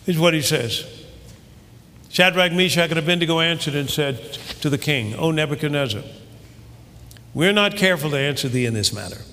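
A man preaching a sermon with fervor, reading scripture and building up to shouted, rising climaxes. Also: on the high side, animated, moderate pace, long pauses, slight background noise. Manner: fervent, building to shouting crescendos. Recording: long hall reverb.

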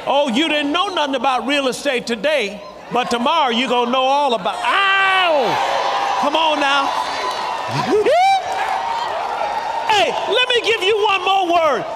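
A man preaching a sermon, shouting and drawing out his emphatic phrases. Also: extremely high pitch, lively intonation, moderate pace, few pauses, a loud crowd, very noisy. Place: large church hall. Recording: long reverb from a live congregation.

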